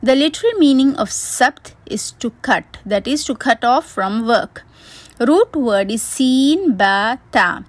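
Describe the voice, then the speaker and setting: A woman's voice: on the high side, animated, slow pace, no echo. A woman teacher reading a word-by-word grammar lesson, methodically spelling out root letters and terms.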